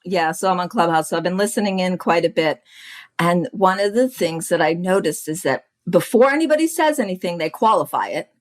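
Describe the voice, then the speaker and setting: A woman business coach talking as a podcast guest, chatty and animated, often laughing and acting out what other people say. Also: fairly low pitch, brisk. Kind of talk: casual chat.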